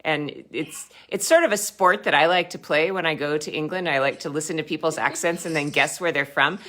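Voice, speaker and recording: A woman hosts a live online show with a low-pitched but bright, forceful voice. She sounds enthusiastic and keeps asking her guest questions. The sound comes through a video call. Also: brisk. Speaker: host. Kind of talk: live-stream hosting.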